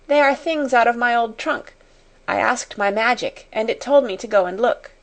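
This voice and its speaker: A woman's voice: on the high side, normal speed, voice pushed up, natural voice. A woman voicing an imaginative young girl, gracious and dreamy, who speaks in a grand, storytelling way. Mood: warm.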